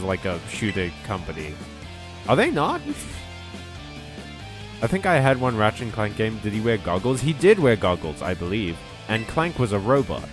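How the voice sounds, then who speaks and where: A man chatting casually over gameplay, rambling, correcting himself and answering his viewers as he goes. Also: fairly low pitch. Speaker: streamer.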